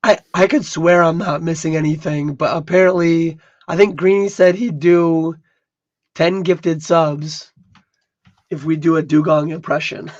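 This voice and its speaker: Hoarse man, halting livestream chat. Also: fairly high pitch, muffled recording. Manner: halting, repeats words. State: hoarse, losing his voice. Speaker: podcast co-host.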